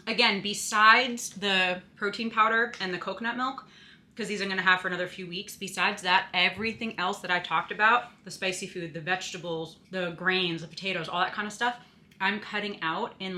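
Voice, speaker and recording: This young woman's casual vlog chat comes in a mid-range voice with a steady, bright, forceful tone at normal speed. She's slightly breathless and keeps dropping "like" and "you know" into her chatty talk.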